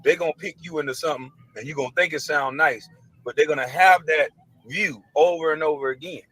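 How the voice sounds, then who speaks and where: A man calmly explaining his side, blunt, matter-of-fact and frustrated. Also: on the high side, a little fast, husky, poor audio. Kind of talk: casual self-defending explanation.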